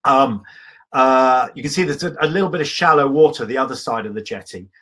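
A man telling travel stories at a live evening talk with a husky, slightly breathy voice. He rambles with enthusiasm and pauses for fillers while he walks the audience through his slides. His voice sits at a middling pitch. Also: fairly bright tone. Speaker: adventurer giving a travel talk.

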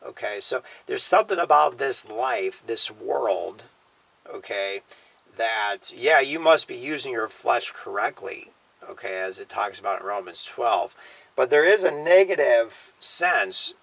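A man teaching the Bible in a casual sermon style, often tagging his points with a quiet "okay?" or "you know". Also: medium pitch, expressive, a little slow, vocal fry, husky, no room sound, rough recording. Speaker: preacher.

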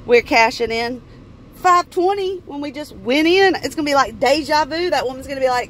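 A woman, excitedly vlogging to her viewers and squealing over her wins. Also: high voice, a little fast, a little hiss or hum. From Florida. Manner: squealing, bubbly, talks to viewers as y'all. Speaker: lottery vlogger. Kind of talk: excited casual vlog.

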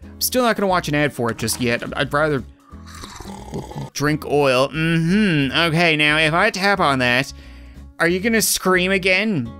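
A man's voice: fairly high pitch, lively intonation, measured pace, bright, forceful tone, soft background music. A man giving casual, joking gameplay commentary, rambling and self-deprecating as he plays. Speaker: gaming YouTuber.

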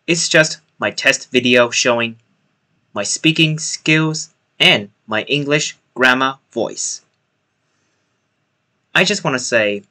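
Slow, bright-voiced young man vlogging. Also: mid-range voice. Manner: slow, careful speech practice with repeated phrases. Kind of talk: casual video diary.

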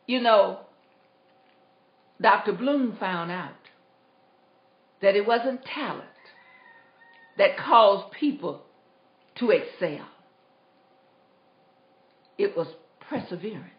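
Slow, emphatic woman giving a pep talk. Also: medium pitch, animated. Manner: emphatic, repeating exhortations. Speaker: inspirational speaker. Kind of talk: inspirational talk with storytelling. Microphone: tablet. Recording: roomy, dull lo-fi livestream.

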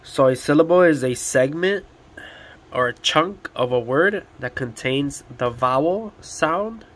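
A man teaching Spanish words at a board, repeating each one slowly and deliberately. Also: on the high side, expressive, fairly bright tone. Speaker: Spanish tutor.

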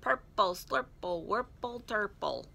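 A woman's voice: expressive, moderate pace, bright, forceful tone. A woman reading aloud and voicing a small, eager young male kangaroo in a storybook. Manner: eager, giggly, high.

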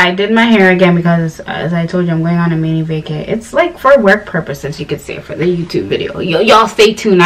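Young woman vlogger from Ghana, rambly chatty storyteller, slightly distant mic. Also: lowish voice. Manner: chatty, rambling storytelling with animated quoted voices. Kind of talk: casual chat to camera.

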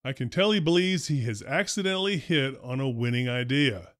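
Man, principal storyteller, wry deadpan humor, steady mid-pitched voice, dry close sound. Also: brisk, no echo. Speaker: retired school principal telling stories. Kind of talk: first-person storytelling narration.

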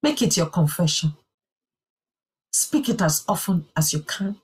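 A woman's voice: lowish voice, lively intonation, measured pace, slightly rough. A woman telling a personal testimony in a sermon, in an earnest and emphatic way. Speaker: church speaker.

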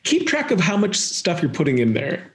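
A man running a tabletop game as game master, relaxed and chatty as he describes the scene. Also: high voice, normal speed, a little hiss or hum.

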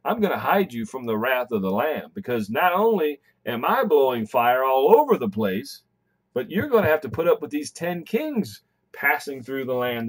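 Animated man teaching the Bible. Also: on the high side. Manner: emphatic and animated, with frequent "all right". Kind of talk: recorded Bible lesson.

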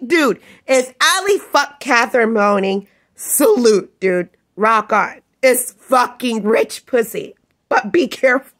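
Slow-talking woman ranting with curses. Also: high-pitched, a bit bright. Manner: cursing, scornful, laughing between jabs. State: tired, up all night. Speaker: vlogger. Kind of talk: profane ranting monologue.

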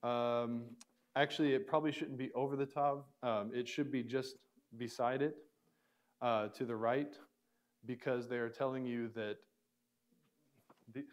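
A man's voice: medium pitch, fairly even intonation, measured pace, long pauses. Guy teaching a class, breaks words into syllables, keeps asking the students questions. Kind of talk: classroom language lesson.

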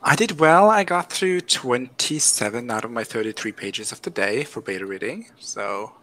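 A man in a writers' group giving a low-key update over a video call, with dry jokes. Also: animated, moderate pace, pushed and bright, a little hiss or hum. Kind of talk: casual chat.

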